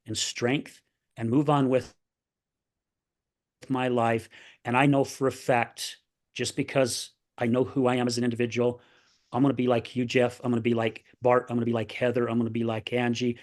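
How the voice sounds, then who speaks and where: A man in his sixties, a podcast guest, talking in an earnest, upbeat way and often tagging sentences with "right?". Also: mid-range voice. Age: 60s. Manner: earnest, upbeat, repeats "right?" and "I tell you what"; plays other people's voices in animated retellings. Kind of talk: candid interview talk.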